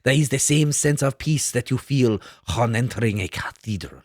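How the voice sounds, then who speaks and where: A man voicing a grandiose older male ocean explorer, reading quotes slowly and solemnly in a deliberately poor mock French accent. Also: medium pitch, no room sound, studio quality, pitched below the performer's own voice, natural voice.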